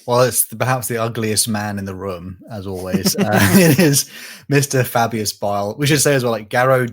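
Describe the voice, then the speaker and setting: A man's voice: mid-range voice, normal speed. A man co-hosting a casual podcast, talking conversationally with fillers and asides. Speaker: podcast co-host. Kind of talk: casual lore discussion.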